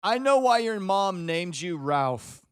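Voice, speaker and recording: A man with a high, smooth, clear voice hosts a live stream. He teases a viewer and scolds him in mock exasperation. The sound is dry and close, with no room around it. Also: sing-song, slow pace, dry recording. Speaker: livestream host. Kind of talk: live stream chat banter.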